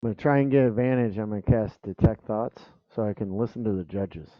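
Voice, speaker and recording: A man's voice: on the low side, fast, no echo. Man talking over a tinny call line. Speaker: player. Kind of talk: casual tabletop game talk. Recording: tinny online call audio.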